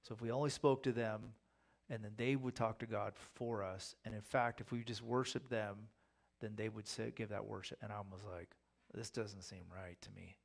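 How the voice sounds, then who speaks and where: A man's voice: lowish voice, fairly even intonation, moderate pace, gravelly. A man preaching a casual, conversational Bible teaching, acting out the voices of the people in his stories. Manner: conversational, acts out quoted voices. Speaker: pastor.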